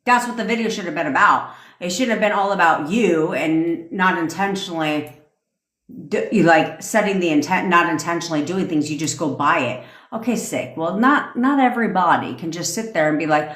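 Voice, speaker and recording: A woman's voice: lowish voice, normal speed, fairly bright tone, echoey room. A woman manifestation coach ranting sarcastically and profanely on a phone live stream. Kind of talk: TikTok live rant.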